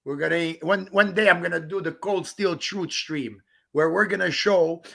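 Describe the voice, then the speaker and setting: Walking outdoors in the rain, a man hosts a livestream where he rants and mocks a rival with profane jokes and laughter. His voice is fairly high and fairly bright, with vocal fry, at a normal speed.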